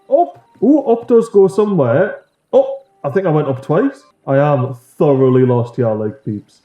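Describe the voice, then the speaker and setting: A man chatting excitably through a let's-play video and talking to his game characters. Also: a little high, lo-fi sound. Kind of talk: casual gameplay commentary.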